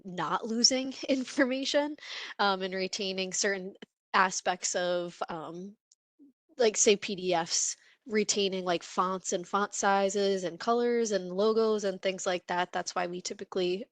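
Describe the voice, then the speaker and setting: A woman's voice: mid-range voice, no room sound. Casual woman panelist full of fillers. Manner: casual and jokey, many fillers. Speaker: panelist, records imaging expert. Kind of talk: explanatory webinar answer.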